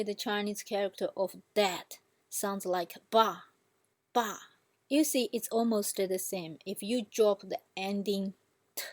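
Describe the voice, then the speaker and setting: A woman's voice: medium pitch, a little mellow, dry recording. A woman language teacher giving a patient instructional explanation and demonstrating example words.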